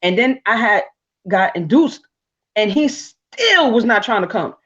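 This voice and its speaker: A woman tells personal stories in a lively, animated way, often restarting and filling pauses. Her voice comes through somewhat dull, lo-fi audio. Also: on the high side, husky. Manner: animated, laughing, frequent restarts and fillers. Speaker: guest speaker. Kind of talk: casual storytelling on a live talk show.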